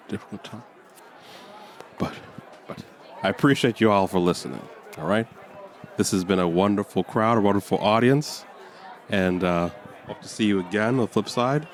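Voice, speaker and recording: Low-voiced guy doing deadpan standup, sighs a lot, faint crowd and street noise behind. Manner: rambling, mock-somber, sighing between lines. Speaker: stand-up comedian.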